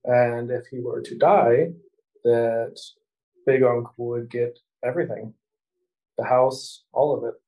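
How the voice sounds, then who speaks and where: A man runs a tabletop role-playing game as game master. His voice is mellow and dark, and his delivery is relaxed, with frequent laughter. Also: mid-range voice, takes it slowly, rough recording.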